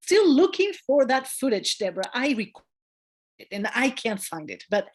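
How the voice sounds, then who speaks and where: A woman midwife talks as a guest in a conversational interview, her fairly high voice swooping up and down as she tells a story. She is emphatic and acts out the voices of the people in it, with the odd hesitant filler. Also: normal speed, breathy edge. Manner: animated storyteller who acts out quoted voices.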